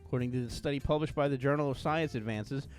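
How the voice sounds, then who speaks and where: A man's voice: medium pitch, fast talker, darkish tone, soft background music. A man hosting a podcast, joking around and reading a news item aloud in a playful tone. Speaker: podcast host. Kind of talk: casual podcast chat.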